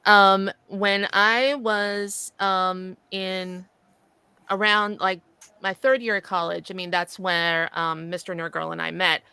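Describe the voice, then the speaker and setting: A woman co-hosting a casual talk show, telling stories in an animated way and laughing often. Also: mid-range voice, slow pace, vocal fry, clean tone, dry recording. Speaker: co-host. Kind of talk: casual chat, storytelling.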